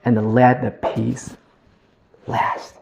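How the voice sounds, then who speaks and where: A man in his thirties telling a personal story as a speech, slow and heartfelt, acting out the dialogue. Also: medium pitch, flat delivery, vocal fry, noisy background. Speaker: public speaker.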